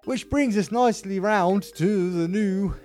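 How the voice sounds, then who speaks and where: A man's voice: high voice, a little slow, a little mellow. A man co-hosting a music podcast, joking and bantering casually with frequent laughs. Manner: jokey, playful, laughs often. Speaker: podcast co-host.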